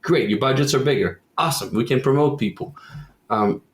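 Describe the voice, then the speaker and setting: Speaking a little fast at medium pitch in an echoey room, this roofing company owner from Quebec is being interviewed on a relaxed podcast. He's a lively storyteller who performs the voices of the people he quotes.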